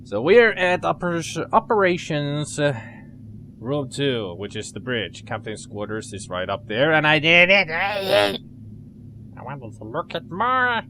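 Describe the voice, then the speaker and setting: A man's voice: a little high, animated, slow, bright, forceful tone, a little hiss or hum. A man giving chatty, joking let's play commentary as he plays a game. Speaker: gamer commentator.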